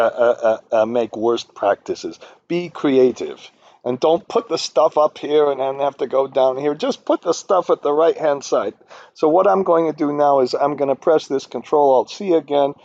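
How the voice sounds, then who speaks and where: A man walks through a finance spreadsheet in a rambling, opinionated way, full of fillers and restarts. His voice sits a little high and has a gravelly fry to it. The recording is dry and a bit dull, like a computer mic. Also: warm tone, no echo. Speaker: finance instructor. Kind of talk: screen-recorded spreadsheet tutorial. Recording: dull, dry low-fidelity audio.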